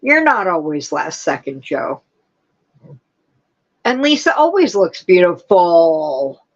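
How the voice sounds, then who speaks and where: A woman's voice: fairly low pitch, sing-song, slow pace, lo-fi sound. A woman hosting a casual livestream, chatting and answering her viewers' comments one by one. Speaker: livestream host. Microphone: streaming setup with laptop.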